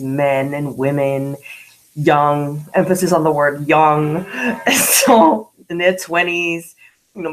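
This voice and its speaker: A woman in her late forties telling a personal diary vlog, candid and slangy, animated in retellings and hushed in reflective moments. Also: deep voice, rough recording. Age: 40s. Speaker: vlogger.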